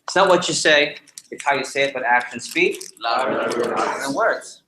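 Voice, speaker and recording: A man teaching a live sales training session, animated and jokey, repeating his key points to the group. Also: medium pitch, normal speed, reverberant, noisy background. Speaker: sales trainer leading a workshop.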